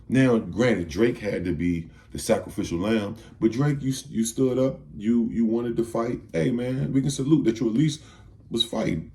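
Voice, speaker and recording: A man's voice: mid-range voice, moderate pace, dark tone. A man giving a heated, profane commentary rant, firing off rhetorical questions. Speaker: video commentator.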